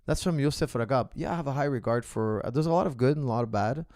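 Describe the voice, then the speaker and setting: A middle-aged Western man who coaches martial arts answers viewer questions in an earnest, philosophical, casual monologue. His medium-pitched voice is a little mellow and quick, in a dry, clean studio recording.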